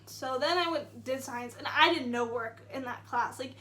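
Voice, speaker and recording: A woman's voice: high-pitched, normal speed, bright, forceful tone. A young woman telling a story to camera in a chatty, indignant way, full of "like" fillers. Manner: indignant retelling. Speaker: vlogger. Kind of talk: casual storytime.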